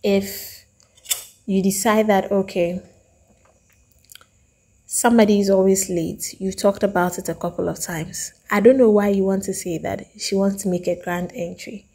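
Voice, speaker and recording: Woman, Ghanaian English accent, animated review monologue, dark tone, breathy edge. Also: medium pitch, measured pace. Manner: emphatic, animated, acts out quoted lines. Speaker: reality TV reviewer.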